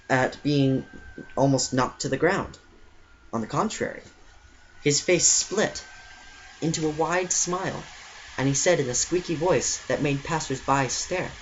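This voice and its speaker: A man reading a storybook aloud. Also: medium pitch. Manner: expressive amateur reading with occasional slips. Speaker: audiobook reader. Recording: muffled lo-fi with faint hiss.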